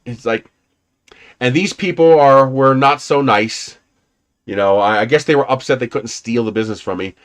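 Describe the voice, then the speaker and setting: A man's voice: mid-range voice, normal speed. Rambling, laid-back man telling stories. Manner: rambling storyteller, laughs often, swears casually. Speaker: livestream host. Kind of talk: casual rambling livestream chat.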